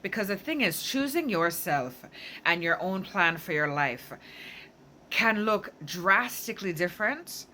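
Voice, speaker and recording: Reflective woman with a bright voice. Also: mid-range voice, animated, a little slow, slight background noise. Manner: thoughtful, searching for words, frequent "right?". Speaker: spiritual self-help vlogger. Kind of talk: casual reflective monologue.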